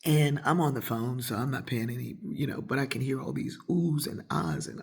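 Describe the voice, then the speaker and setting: A woman telling a casual personal story, acting out her friends' voices with whispers and sudden high squeals. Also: fairly quick, vocal fry, few pauses, a little mellow, breathy edge. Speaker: storyteller host.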